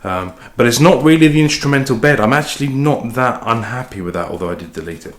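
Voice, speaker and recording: A man's voice: mid-range voice, expressive, fast. A man chatting casually and swearing freely while cooking in his kitchen, talking through his day as a musician. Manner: chatty, sweary, self-deprecating. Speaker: musician vlogger. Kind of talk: casual rambling vlog. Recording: echoey kitchen with faint clatter.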